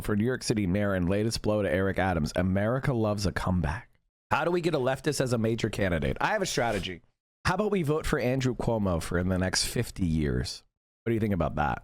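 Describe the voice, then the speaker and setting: A man's voice: on the low side, sing-song, fairly quick, no echo. A man hosting a livestream, ranting with heated sarcasm and lots of profanity. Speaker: livestream host. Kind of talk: ranting live commentary.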